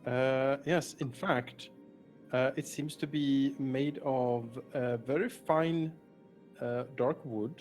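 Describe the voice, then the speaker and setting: A man running a tabletop game as dungeon master, describing scenes with frequent pauses and fillers. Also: medium pitch, fairly even intonation, a little mellow, faint music behind.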